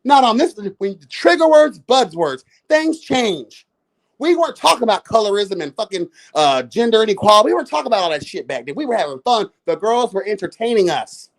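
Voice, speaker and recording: A man in his thirties who comments on reality shows delivers a profane, sassy, exasperated rant during a live review, calling his listeners girl and y'all. His voice is high-pitched and very animated, moving a little fast.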